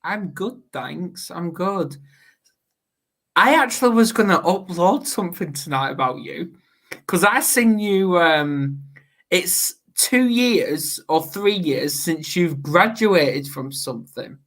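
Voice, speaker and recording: A man's voice: sits high, lively intonation, slow, fairly bright tone. A man hosting a casual livestream talk show, rambling with fillers as he introduces segments. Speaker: host.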